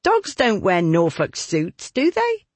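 A man voicing an excitable, chatty young woman who speaks in eager, high exclamations in a storybook. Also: takes it slowly, no echo, heavily acted.

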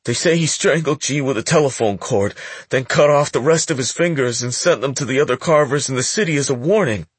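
Brief: frightened teen boy, stammering, voiced much higher by a husky-voiced male narrator. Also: no echo, close to an everyday voice. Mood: nervous. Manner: stammering, nervous and hurried. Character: scared, bloodied teenage boy, a river diver.

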